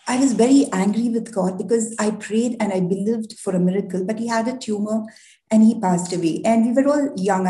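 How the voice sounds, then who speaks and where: A woman's voice: mid-range voice, dark tone. Earnest woman sharing testimony. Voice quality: earnest, heartfelt, reflective. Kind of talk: personal testimony at a prayer meeting. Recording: roomy echo.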